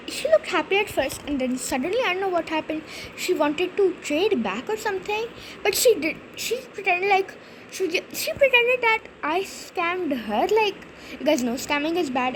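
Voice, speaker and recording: A woman's voice: extremely high pitch, expressive, moderate pace, slight background noise, rough recording. A young woman hosting a gaming channel, rambling through a story with lots of fillers as she plays. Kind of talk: casual gameplay commentary.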